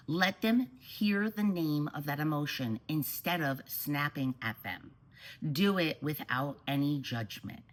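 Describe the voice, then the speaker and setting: A woman parent coach giving calm, steady advice straight to the camera. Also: deep voice, a little slow, rough recording.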